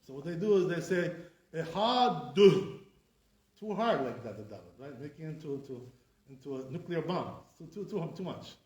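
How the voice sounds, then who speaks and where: Animated and fast, this rabbi has a mellow voice on the high side. Lecturing casually to a classroom audience, he acts out pronunciations both wrong and right, dropping "right?" again and again. The room is echoey and the mic is far from him.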